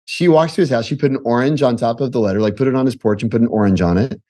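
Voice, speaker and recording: A man in his forties, a podcast guest, telling casual stories in an animated way, often breaking off and laughing. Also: mid-range voice, very fast. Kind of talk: casual storytelling.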